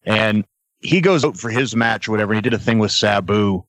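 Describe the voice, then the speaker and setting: A man, a guest on a podcast, telling a backstage anecdote in a casual, animated way and laughing as he goes. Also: fairly low pitch, fairly quick, dry recording. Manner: animated storyteller, laughs between lines, acts out other voices. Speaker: guest, former wrestler.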